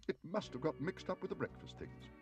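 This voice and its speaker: Man voicing a gentle, anxious mother. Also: on the high side, sing-song, fairly quick, dull audio, soft background music. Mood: apologetic. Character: kindly worried middle-aged mother.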